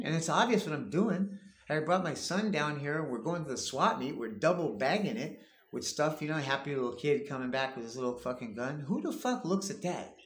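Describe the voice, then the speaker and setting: Brief: swearing man vlogger, lively up-and-down delivery, roomy echo. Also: fairly high pitch, a little fast. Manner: crude, rambling, swears constantly. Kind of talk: profane storytelling rant. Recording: echoey room.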